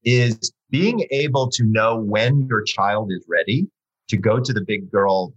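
Husky man giving emphatic, reassuring advice. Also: on the low side, unhurried, highs cut off. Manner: reassuring, emphatic, occasionally swears. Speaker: sleep coach. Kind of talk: casual chat.

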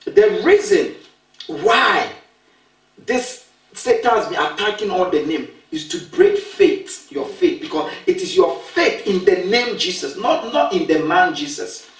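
Emphatic preacher with a lively voice. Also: medium pitch, a little slow. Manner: emphatic, questioning, repeats phrases. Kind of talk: preaching talk. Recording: roomy sound from a distant mic.

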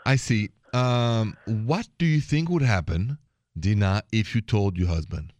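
A man's voice: on the low side, a little mellow. French-accented man hosting a call-in show. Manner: friendly, slow careful English with French greetings. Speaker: radio relationship advice host. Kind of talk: call-in radio advice show.

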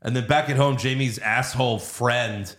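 A man casually retelling a movie plot, animated and quick to laugh. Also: mid-range voice. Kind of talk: casual movie recap chat.

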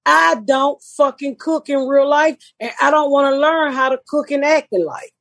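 A woman's voice: sits high, normal speed, a bit bright, dry recording. A woman hosting a podcast, talking bluntly and profanely in a brash, casual way. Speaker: podcast host.

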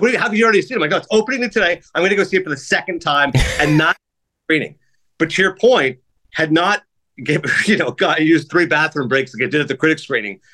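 A man co-hosting a casual podcast, reviewing films and telling animated stories with acted-out quotes. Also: fairly high pitch. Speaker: film critic and co-host.

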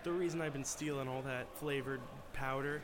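A man's voice: medium pitch, steady tone, moderate pace, noisy background, lightly acted. A man playing an earnest, rambling young football player.

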